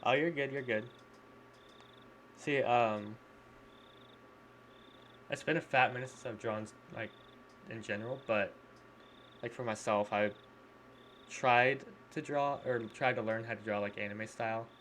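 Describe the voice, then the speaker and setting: This is a male live streamer chatting casually with viewers. He talks loosely, uses slang and laughs a lot. His voice sits at a middle pitch, and a faint hiss runs behind it. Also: steady tone, unhurried, pauses often, fairly bright tone.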